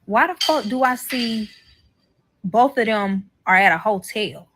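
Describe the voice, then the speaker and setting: A woman's voice: medium pitch, measured pace, background noise. A woman telling a profane story-time tale, acting out the quoted lines and swearing freely. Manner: animated, swearing, acts out quoted dialogue. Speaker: storyteller in a played clip.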